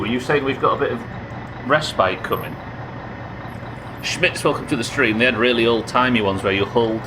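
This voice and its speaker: Game music runs in the background while a man with a medium-pitched voice streams live, joking around, chatting and reading out what viewers write. There's noise in the background.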